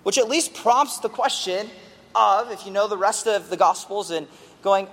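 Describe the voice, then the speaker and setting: Pastor guy teaching verse by verse, high voice, lots of reverb, punches key words. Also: moderate pace, fairly bright tone. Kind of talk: expository sermon.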